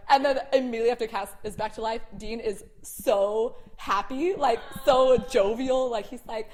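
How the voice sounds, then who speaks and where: A young woman hosting a casual chat, animated, swearing and packing her talk with "like". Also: fairly high pitch, quick pace, few pauses, a little hiss or hum. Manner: animated, swearing, many "like" fillers. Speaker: host.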